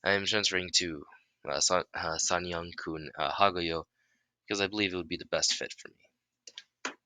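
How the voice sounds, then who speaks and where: Guy doing a polite young hero, low deep voice, halting, makes it up as he goes. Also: steady tone, pushed and bright, dry recording. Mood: earnest. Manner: halting, improvised delivery.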